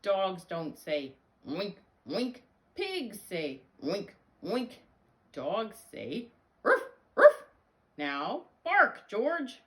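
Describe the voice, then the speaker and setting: A woman reads the part of a patient storybook dog owner, correcting her pet slowly and with emphasis. Her voice rises and falls widely and she takes her time over each word. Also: mid-range voice, wildly swooping pitch, exaggerated voice. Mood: patiently correcting. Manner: slow, emphatic teaching tone, drawn-out words.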